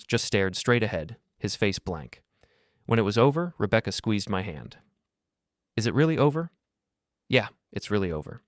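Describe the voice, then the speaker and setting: An older man narrating a dramatic first-person story in a steady, scripted manner. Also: on the low side, dry recording, clean studio sound.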